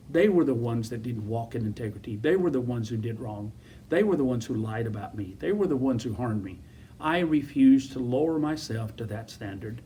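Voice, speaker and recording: A man's voice: mid-range voice, moderate pace, warm tone, distant mic, a little hiss or hum. A man preaching a sermon as pastor, emphatic and repetitive, full of rhetorical questions.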